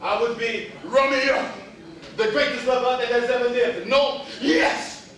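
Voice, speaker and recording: A man's voice: very high-pitched, steady tone, a little slow, fairly bright tone, exaggerated voice. A man playing a grandiose Romeo who calls himself the greatest lover, in a pompous, theatrical way. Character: grandiose Romeo, self-proclaimed greatest lover, male adult. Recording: echoey hall from far off with audience.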